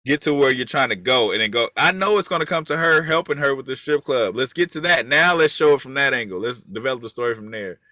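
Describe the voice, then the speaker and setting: A man co-hosting a casual TV review chat, his voice bright and forward. The sound is dry and close, with no room around it. He turns animated and acts out other people's voices to make a point. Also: medium pitch, quick pace, hardly any pauses, no echo. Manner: animated, mimics voices for emphasis. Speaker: podcast co-host.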